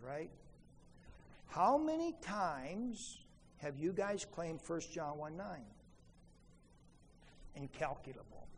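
A pastor delivering a sermon, his voice pitched a little high and carrying a long reverb through a church sanctuary. He swings between emphatic, pleading rises and quiet, low asides, with faint room ambience underneath. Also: a little hiss or hum.

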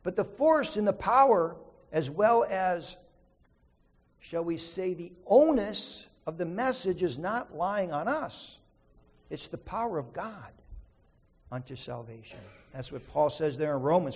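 A man's voice: high-pitched, animated, unhurried, slightly rough, in a large hall. A man preaching an earnest sermon, telling a story and then teaching from scripture with emphasis. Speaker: pastor.

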